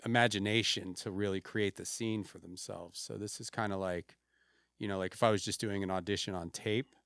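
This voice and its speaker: A man hosting a comedy podcast, chatting in a deadpan, mock-serious way with his guest. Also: lowish voice, a little fast, no room sound, studio quality. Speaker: podcast host. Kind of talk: casual comedic podcast chat.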